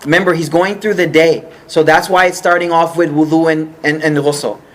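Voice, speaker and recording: A man's voice: fairly high pitch, steady tone, moderate pace. A man teaching an informal religious study class, explaining patiently and checking often that the group follows.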